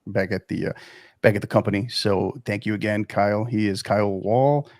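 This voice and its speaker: A man's voice: on the low side, steady tone, a little fast, a little mellow, no echo, clean studio sound. A man hosting a podcast in a friendly, upbeat, joking way. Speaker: podcast host. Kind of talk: casual podcast chat.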